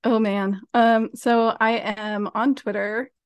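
A woman's voice: fairly high pitch, level tone, takes it slowly, clean tone, no room sound. A woman professor as a podcast guest, chatting casually and laughing easily.

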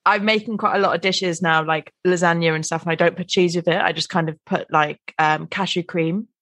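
A woman co-hosting a podcast, talking in a relaxed, conversational way. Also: on the low side, fairly quick, no room sound. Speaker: podcast co-host. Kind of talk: casual chat.

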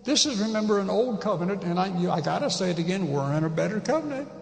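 A man's voice: high-pitched, expressive, quick pace, gravelly. A pastor giving a conversational sermon, emphatic and repeating his key phrases. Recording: echoey hall with long reverb.

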